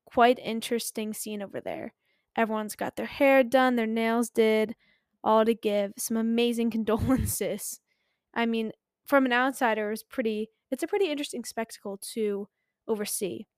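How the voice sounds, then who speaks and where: A woman's voice: on the high side, steady tone, normal speed, clean tone, dry recording, clean studio sound. A young woman in her twenties from Philadelphia, hosting a podcast in a candid, self-mocking chat and laughing often. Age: 20s. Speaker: podcast host. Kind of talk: casual solo podcast chat.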